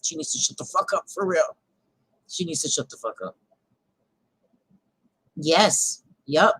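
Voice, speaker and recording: A woman hosting a casual talk show, speaking bluntly, reacting out loud and swearing freely. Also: deep voice, animated, unhurried, husky, no echo, low-quality recording. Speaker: host.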